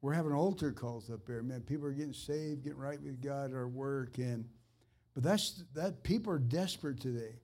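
An earnest man in informal ministry, talking straight to one listener in a plain, conversational flow. His voice sits at an ordinary middle pitch, neither deep nor high, and carries a fervent edge. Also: normal speed, dark tone. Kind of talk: informal preaching and personal ministry.

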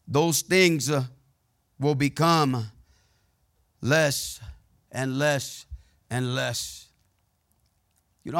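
Higher-voiced man preaching a conversational sermon. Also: a bit bright. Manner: conversational preaching with call-and-response asides; storytelling, candid and plainspoken.

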